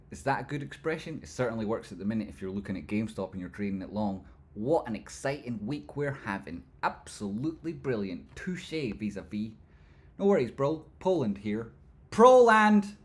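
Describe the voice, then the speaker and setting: A man hosts a casual livestream with a slightly low voice, joking and rambling as he reads out viewer messages. He hops quickly between silly banter and market analysis in a loose, chatty way. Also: expressive, a little mellow. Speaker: livestream host. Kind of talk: casual livestream chat reading viewer comments.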